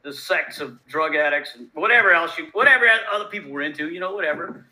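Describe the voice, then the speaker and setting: Guest: New bartender man, slightly high, very bright tone, profane raconteur. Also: fast, low-quality recording. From Louisiana. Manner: profane, animated, laid-back. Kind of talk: casual storytelling.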